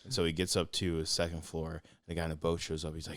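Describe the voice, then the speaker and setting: A young man co-hosting a podcast, chatting casually in an excitable, storytelling way. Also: a bass voice, fast talker, no room sound, clean studio sound. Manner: excitable, storytelling, jumps into voices. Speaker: podcast co-host. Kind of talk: casual chat.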